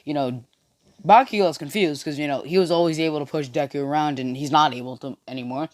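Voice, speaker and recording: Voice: medium pitch, fast talker, dry recording, studio quality. A young storyteller casually retelling a fan-made anime story from a bedroom, rambling and restarting, with constant "you know" fillers. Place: own bedroom with friends nearby.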